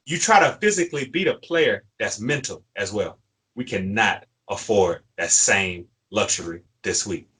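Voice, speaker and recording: A man co-hosting a fan show, plainly worked up and ranting. He presses his points with repeated phrases and a bright, forceful tone. His voice carries a husky grain. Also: fairly low pitch, lively intonation, moderate pace, low-quality recording. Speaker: sports podcast co-host. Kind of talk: fired-up fan commentary.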